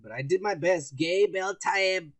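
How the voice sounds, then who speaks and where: A man's voice: high-pitched, unhurried, dry recording. A man co-hosting a podcast, talking in crude, profane, rambling banter while reading out the news. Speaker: podcast co-host.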